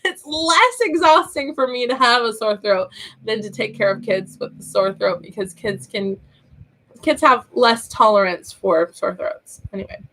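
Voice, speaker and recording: A woman in her thirties hosts a casual live-stream chat, nursing a sore throat. Her voice sits a little high, and she rambles cheerfully from one aside to the next, laughing often. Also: unhurried, pushed and bright. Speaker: online teacher and channel host.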